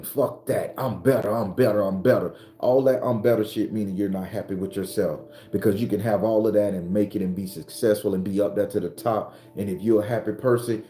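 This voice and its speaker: A spiritual advisor who runs his own channel speaks in a voice on the low side, delivering an impassioned motivational monologue that's blunt and profane. He preaches, breaking into shouts when recounting arguments, and faint background music plays in a roomy recording.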